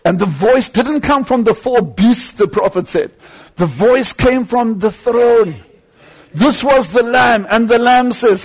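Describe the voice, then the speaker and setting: A man preaching a sermon with fervent delivery, swinging between loud climbs and quieter asides. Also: extremely high pitch, takes it slowly.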